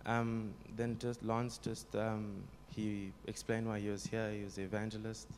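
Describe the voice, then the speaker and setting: Young man, low and flat, telling a testimony, faint room noise behind. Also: measured pace. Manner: plain, storytelling, frequent ums. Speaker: congregation member giving a testimony. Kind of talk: spoken testimony.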